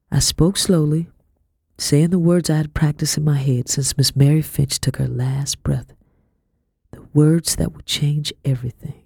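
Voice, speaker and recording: A woman reading a first-person storybook, earnest and quietly tense, sometimes dropping to a whisper. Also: sits low, steady tone, unhurried, gravelly, husky, dry recording, clean studio sound. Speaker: audiobook reader.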